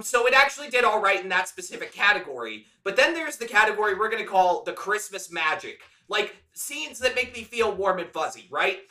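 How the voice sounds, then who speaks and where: A man's voice: sits high, sharp tone, roomy sound, recorded from a distance. A man co-hosting a podcast, reviewing a film in casual, profane, enthusiastic chat. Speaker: podcast co-host.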